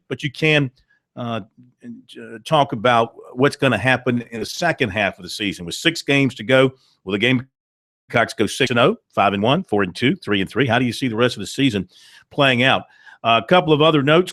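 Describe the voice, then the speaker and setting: A man's voice: mid-range voice, a bit bright, no echo, clean studio sound. A man hosting a sports talk radio show, reading out news items with fillers.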